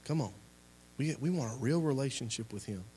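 Animated and brisk, a young adult man with a mellow, medium-pitched voice preaches a sermon and leads a closing prayer, with a little hiss or hum audible. He sounds impassioned, his volume swelling and dropping as he repeats his exhortations.

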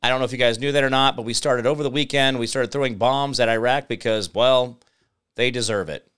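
A man's voice: medium pitch, steady tone, fairly quick, fairly bright tone, clear, resonant tone. A man hosting his own show, rambling through live commentary and talking straight to viewers. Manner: rambling, digressive, talks to viewers and pets. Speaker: show host.

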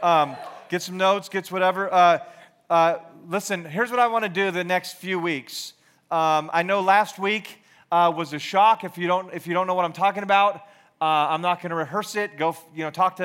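A man in his forties, from Georgia, talks through a youth ministry sermon like a casual chat. His voice sits a bit high, and he rambles, restarts his sentences and pokes fun at himself. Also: normal speed, a bit bright, clean tone. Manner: rambling, self-deprecating, many fillers and restarts.

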